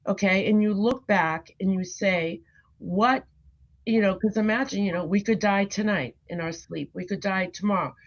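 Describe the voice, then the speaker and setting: A woman's voice: mid-range voice, moderate pace, hardly any pauses. A woman hosting a casual livestream, earnestly explaining a morning routine step by step. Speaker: livestream host. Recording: dull lo-fi sound.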